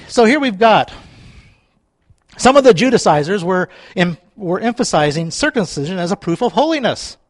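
Man, pastor, high voice, dry close sound, chatty sermon with playful asides. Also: big pitch swings, normal speed, no room sound. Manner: conversational preaching, playful asides with laughs.

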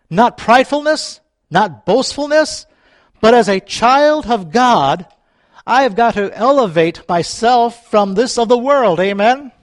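A male pastor with a notably high voice delivers a fervent, repetitive sermon and calls out to his congregation. He chuckles often and sometimes sinks into a soft, low voice. The sound is dry, with no room echo.

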